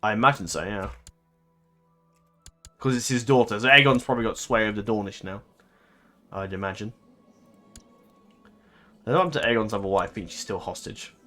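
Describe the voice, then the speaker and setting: A man's voice: fairly low pitch, a little fast, long pauses, pushed and bright, faint music behind. A man giving casual let's-play commentary, thinking aloud in a rambling way, swearing and laughing easily. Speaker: gaming commentator.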